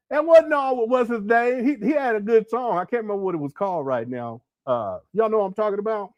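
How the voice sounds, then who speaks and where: A giggly, rambling man hosts a casual livestream, talking with his chat in a high, very animated voice. He keeps laughing and breaking into bits of song. The sound is close and dry. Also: a little fast, no echo. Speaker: livestream host. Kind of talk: casual live-chat commentary.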